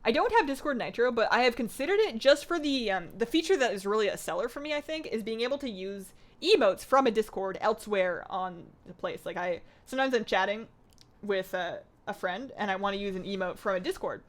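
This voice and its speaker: A woman's voice: mid-range voice, lively intonation, brisk. A young woman livestreaming a game, chatting casually and answering viewers in a bubbly, rambling way. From Greek heritage. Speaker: streamer. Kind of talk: casual livestream chat, reading chat aloud.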